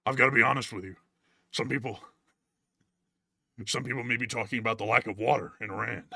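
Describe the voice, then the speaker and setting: A man hosts a casual comedy chat, rambling and joking. His voice is bright and forward, with a dry, close sound. He keeps jumping from one loose joke to the next. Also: medium pitch, steady tone, fast talker, gravelly, no room sound. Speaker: host.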